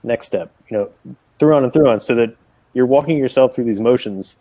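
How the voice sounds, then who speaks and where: A man's voice: mid-range voice, normal speed, warm tone, dry recording, rough recording. A man speaking as a panelist who steadily walks through steps in order. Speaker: webinar panelist. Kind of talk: conversational advice talk.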